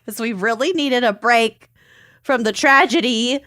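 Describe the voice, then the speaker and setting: A woman's voice: on the high side, normal speed, sharp tone, no room sound, clean studio sound. A woman co-hosting a casual podcast chat, giggly and easily amused, from Minnesota. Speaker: podcast co-host.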